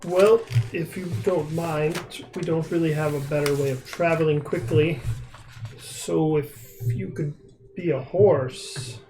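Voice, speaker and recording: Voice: medium pitch, steady tone, takes it slowly, warm tone, faint music behind. A player chatting easily during a tabletop game. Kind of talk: casual tabletop game chat. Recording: noisy background. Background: noise.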